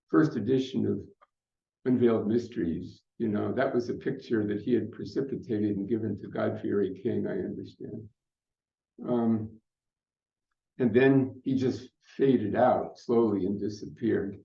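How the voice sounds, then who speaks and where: Gravelly older man telling a story. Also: lowish voice, steady tone, warm tone. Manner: unhurried, reflective storytelling with fillers. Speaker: conference speaker. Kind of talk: storytelling talk. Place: conference hall. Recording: muffled roomy hall recording.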